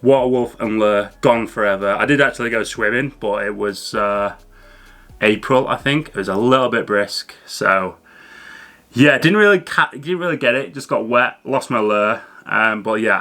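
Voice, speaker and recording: A man's voice: on the low side, normal speed, sharp tone. A man hosting a fishing channel, explaining gear in a chatty, casual way to camera. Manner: chatty, loose with fillers and restarts. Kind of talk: casual educational talk to camera.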